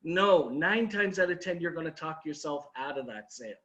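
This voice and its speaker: A man's voice: a little high, lively intonation, normal speed, a bit bright. A man leading a sales training talk, telling an anecdote and acting out his customers' lines, with emphatic repeated advice.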